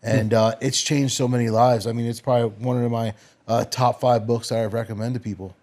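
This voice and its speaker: A man's voice: mid-range voice, flat delivery, brisk, darkish tone. A man hosting a podcast, speaking casually and enthusiastically to his guest. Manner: enthusiastic, bro-ish, affirming. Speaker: podcast host.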